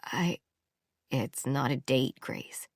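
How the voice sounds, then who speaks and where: A woman voicing a calm, persuasive male music professor, speaking softly and insistently. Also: slow pace, husky, dry recording, studio quality, full character voice. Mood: gentle, persuasive. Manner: soft, low, insistent. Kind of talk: audiobook character voice.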